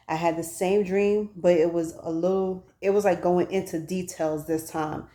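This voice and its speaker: Recording on her phone, a vlogger in her thirties shares candid stories with her audience in a relaxed, chatty personal vlog. She has a warm voice that sits on the low side.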